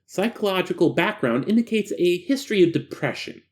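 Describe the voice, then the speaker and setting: A man's voice: a little high, moderate pace. A man hosting, reading a horror file aloud with jokey asides. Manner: animated, breaks off for jokey asides.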